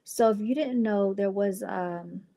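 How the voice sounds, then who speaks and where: Chatting with her livestream viewers, the channel host and clothing brand founder drops exasperated little asides. She speaks at a measured pace in a mellow, medium-pitched voice.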